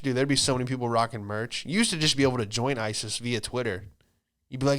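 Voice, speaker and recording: A man hosting a podcast, doing a loose, profane comedic monologue and slipping into quick put-on voices. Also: mid-range voice, a bit bright. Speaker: podcast host, stand-up comedian.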